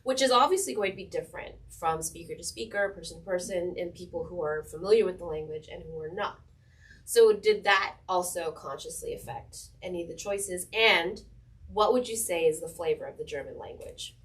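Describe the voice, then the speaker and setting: A woman's voice: lowish voice, brisk. A woman interviewing a fellow author, asking long, enthusiastic, rambling questions. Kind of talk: casual conversational interview. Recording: voice a bit distant from the mic.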